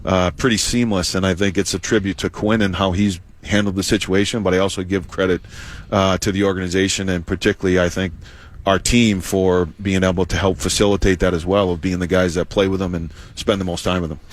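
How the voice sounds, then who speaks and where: A man, a hockey head coach, giving measured interview answers with lots of "you know" and "uh". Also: deep voice, level tone.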